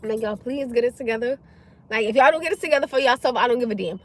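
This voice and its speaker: Woman live-streaming outdoors, high voice, animated and exasperated storytelling, frequent laughs, faint traffic noise behind. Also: racing. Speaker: livestream host. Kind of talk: casual storytelling rant.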